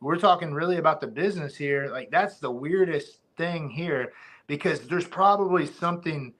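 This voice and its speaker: A man's voice: fairly high pitch, normal speed, fairly bright tone. A man, a former fighter, talking casually as a podcast guest, rambling with many restarts.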